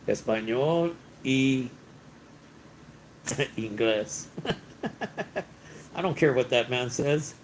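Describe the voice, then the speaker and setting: A man hosts a relaxed livestream from a hotel room. He talks slowly and easily, at a middle pitch, with faint room ambience behind him. He laughs often and drops in bits of Spanish while he chats with viewers. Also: slight background noise, low-quality recording. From Los Angeles, United States. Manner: chatty, laughs often, mixes in some Spanish. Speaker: livestream host. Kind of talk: casual live-stream chat reading viewer comments.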